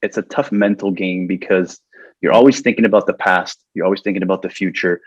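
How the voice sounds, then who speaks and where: A man's voice: low voice, steady tone, fairly quick, husky, no room sound, dull audio. A man guest on a podcast telling a personal story earnestly, acting out his own past thoughts and getting emotional as he talks. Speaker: podcast guest, corporate trainer.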